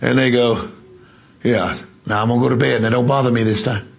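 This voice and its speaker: Gravelly man preaching with emphasis. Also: medium pitch, steady tone, fast talker, noisy background. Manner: emphatic storytelling, quizzing the congregation. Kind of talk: sermon with testimony.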